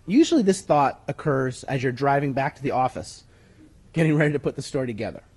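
A man's voice: medium pitch, very animated, fast, a little mellow, husky. A man giving a conversational, emphatic writing-workshop lecture to an audience in a room, sometimes stepping away from the mic. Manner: conversational teaching, emphatic, with handout references. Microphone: moves away from the mic at times.

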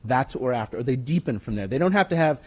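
A man's voice: mid-range voice, lively intonation, quick pace, breathy edge. A man giving a conversational, emphatic writing-workshop lecture to an audience in a room, sometimes stepping away from the mic. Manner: conversational teaching, emphatic, with handout references. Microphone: moves away from the mic at times.

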